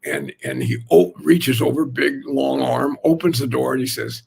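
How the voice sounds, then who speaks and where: An older man, a jazz drummer, telling rambling, animated anecdotes in a casual chat, full of fillers. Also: medium pitch, moderate pace, creaky, slightly rough. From Oakland, California.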